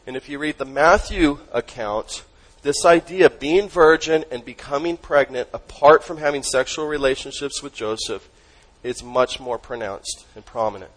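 A male pastor delivering a sermon in an emphatic, teaching manner. He throws questions out to the congregation and lets his voice sink almost to a hush on the words he wants to stress. His voice sits at an ordinary middle pitch. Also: moderate pace, few pauses, rough recording.

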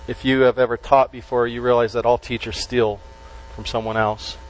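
Man preaching with slow emphatic stresses. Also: mid-range voice, little pitch movement, poor audio. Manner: emphatic, with slow stressed words and dropped endings. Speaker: pastor. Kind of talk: sermon.

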